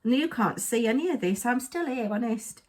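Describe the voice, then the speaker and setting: A woman's voice: fairly high pitch, lively intonation, moderate pace, darkish tone. A tired woman giving a chatty crafting narration, muttering to herself with playful asides.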